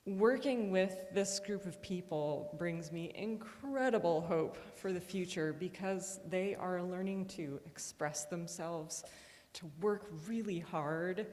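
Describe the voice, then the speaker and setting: A woman music teacher talks to a congregation in a casual, enthusiastic way, dropping in frequent ums. Her voice sits a little low. It rings out with the long reverb of a large fellowship hall. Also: a little mellow. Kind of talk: casual speech at a church service.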